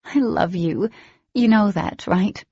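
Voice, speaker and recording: A woman voicing an excitable, gushing teenage girl heroine in an audiobook, with a lifted, excited delivery. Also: mid-range voice, slow pace, husky, no room sound, dull audio, voice pushed up.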